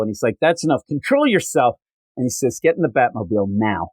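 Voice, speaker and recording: A man's voice: mid-range voice, very animated, fast, no echo. A man co-hosting a podcast, casually retelling comic book scenes and acting out the characters' lines. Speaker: podcast co-host.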